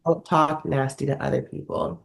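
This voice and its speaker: With a rumbling low, gravelly voice at normal speed, a young woman co-hosting a podcast chats in a relaxed way. Her storytelling is lively, and she performs the quotes of the people she describes.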